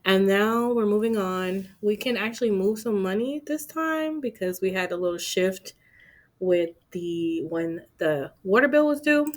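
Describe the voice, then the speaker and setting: In an unhurried, expressive mid-range voice, a woman talks viewers through her budget. She is chatty and playful, dropping asides to herself along the way in this casual budgeting vlog.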